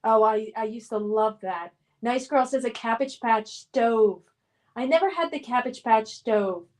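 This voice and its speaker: A middle-aged woman with a high voice hosts a casual live stream. She reads viewer comments aloud and answers them in a friendly, nostalgic way, often pausing on "um" and "uh". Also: darkish tone. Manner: nostalgic and upbeat, with frequent fillers.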